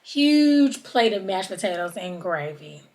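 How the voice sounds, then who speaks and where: A woman's voice: sing-song, a little slow, a little mellow. Chatty woman podcast host. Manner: chatty, drawls "honey" and "child", mimics people in high voices. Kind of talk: casual recap chat.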